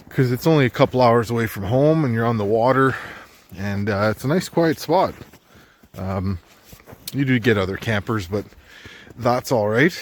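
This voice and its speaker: Casual guy, camping vlogger, jokey and relaxed, recorded outdoors with faint noise. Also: mid-range voice. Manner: laid-back, chatty, jokey. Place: snowy riverside campsite outdoors.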